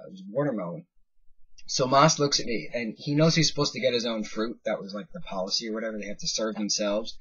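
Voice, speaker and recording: Husky young American man telling a story. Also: on the low side, muffled recording. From United States. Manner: rambling, self-interrupting anecdote with animated quoted voices. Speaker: vlogger. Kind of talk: casual storytelling.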